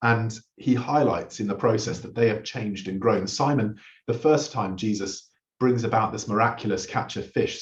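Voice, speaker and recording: Male pastor, mid pitch, preaching in a roomy, muffled church recording; earnest storyteller. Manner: earnest storytelling, acts out quoted lines. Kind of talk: sermon. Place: church hall.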